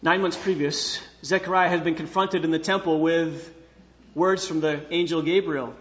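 A man preaching a sermon, reading scripture and explaining it, moving between hushed, slow passages and loud, emphatic ones. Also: on the high side, fairly even intonation, highs cut off. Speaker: pastor.

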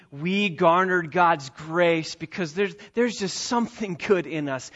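High-voiced emphatic preacher man. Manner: emphatic preaching, swings between soft asides and raised lines. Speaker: pastor. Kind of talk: sermon. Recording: slightly dull lo-fi sound.

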